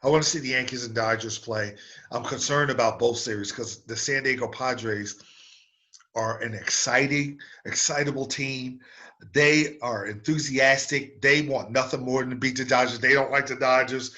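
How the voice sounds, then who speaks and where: Fired-up bright-voiced sports talk man. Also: mid-range voice, steady tone, normal speed. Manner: fired-up, ranting, mocking impressions. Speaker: sports radio host. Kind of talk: opinionated sports talk monologue.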